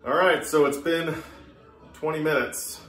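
A man's voice: a little high, fairly even intonation, measured pace, fairly bright tone. A man vlogging casually to camera, chatty and self-mocking as he talks to himself. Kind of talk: casual drinking vlog. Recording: echoey room with music behind. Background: Irish music playing.

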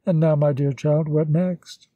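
A man's voice: fairly high pitch, fairly even intonation, measured pace, warm tone, no echo, highs cut off. A man reading the lines of a kindly, devout motherly woman in an audiobook, consoling and pious in manner. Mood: tender.

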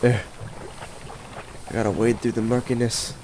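A let's play commentator who's under the weather speaks softly while exasperatedly mocking the enemies. His mid-range voice is a little mellow, with little pitch movement and normal speed, and a faint hiss or hum sits in the recording.

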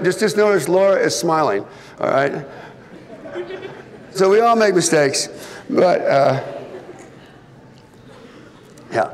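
A middle-aged man speaking to an audience in a large hall, his voice carrying a gravelly edge. He tells stories in a relaxed, conversational way with touches of humor. A long reverb trails after his words. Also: on the high side. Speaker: astronaut guest speaker. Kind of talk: public presentation.

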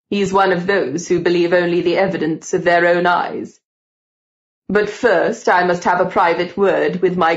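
A woman voicing an old aristocratic male count who talks in a slow, grand and theatrical way. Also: fairly low pitch, highs cut off, natural voice.

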